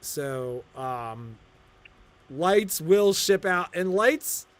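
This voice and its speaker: A man's voice: on the high side, drawn-out words. A middle-aged man co-hosting a shop livestream, telling stories in casual chat and acting out the dialogue. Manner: animated storyteller, acts out quoted dialogue. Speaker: shop co-owner and livestream host.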